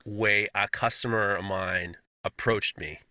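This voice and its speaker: A man co-hosting a casual podcast chat, telling stories in an animated, profane, mocking way. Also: lowish voice, measured pace, no echo, studio quality. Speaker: podcast co-host, knife maker.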